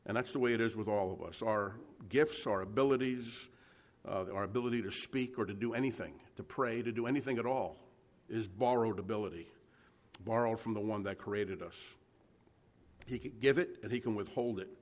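A man's voice: on the low side, fairly quick. A man preaching a conversational sermon, reading scripture aloud and explaining it to a live congregation. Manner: conversational Bible teaching, frequent restarts and "right?" checks.

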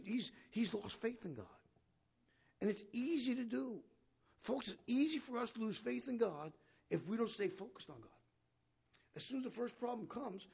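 A husky, rough-edged man teaches from the Bible in a loose, conversational way. His voice sits high, and he often asks his listeners questions as he paraphrases the scripture. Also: darkish tone. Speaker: preacher.

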